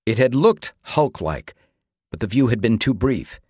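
A man reading an audiobook with dramatic, expressive narration. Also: mid-range voice, measured pace, husky, dry recording, studio quality. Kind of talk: scripted narration.

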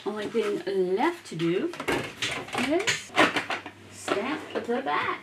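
A woman's voice: a little high, big pitch swings, takes it slowly, long pauses. A woman, chatting through a craft demo at her home desk and often dropping into half-whispered asides as she works. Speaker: crafting vlogger. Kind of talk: casual craft demo talk. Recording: noisy home recording.

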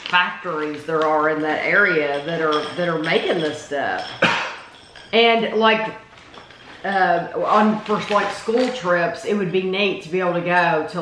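A chatty, enthusiastic woman hosts a home snack taste test, reading the package labels aloud. Her voice sits a little low for a woman. The room is echoey, with a faint hiss underneath. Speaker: host. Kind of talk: casual taste-test review.

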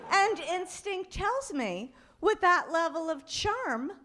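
A middle-aged woman doing a stand-up comedy set on a club stage, telling chatty, animated stories about her kids with mock outrage. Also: extremely high pitch, slow. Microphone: handheld stage mic. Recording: live club recording with audience. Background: audience laughter and room noise.

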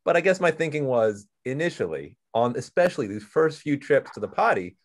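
A man's voice: mid-range voice, big pitch swings, a little fast. A man training a puppy, talking in a thoughtful way with filler words. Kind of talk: casual discussion.

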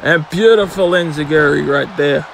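A man calling a wrestling video game match as play-by-play commentary, shouting excitedly at the big moves. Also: fairly high pitch, normal speed, vocal fry, background noise.

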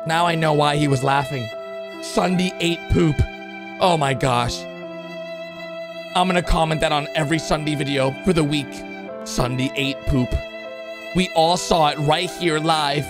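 A man hosting a video channel, giving excited play-by-play commentary on cartoons and breaking into sudden high-pitched shouts. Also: normal speed. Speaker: YouTube host reacting to cartoons. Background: background music.

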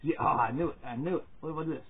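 A man with a fairly high, racing voice chats playfully with his dogs inside his home as he films them, teasing them and swearing freely. The recording sounds tinny, like a phone.

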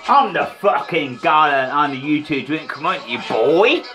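A man's voice: a little high, lively intonation, unhurried, over music. A British man ranting in a rambling, profane, taunting diss vlog. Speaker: vlogger.

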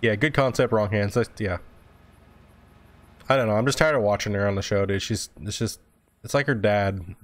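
A man's voice: lowish voice, animated, normal speed. A young man streaming a game, chatting loosely with viewers, swearing freely and answering chat as he plays. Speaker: gaming streamer. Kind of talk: casual live-stream chat.

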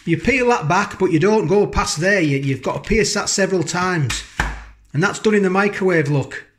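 A man's voice: high-pitched, lively intonation, moderate pace, a bit bright, slight background noise. A man chatting casually in a food review vlog from his home kitchen, rambling and tacking tag questions onto his sentences.

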